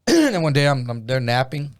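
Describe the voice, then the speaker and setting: A man's voice: medium pitch, sing-song, normal speed, no room sound, studio quality. A middle-aged man telling a slangy, profanity-laced story in a casual podcast chat. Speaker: comedian guest.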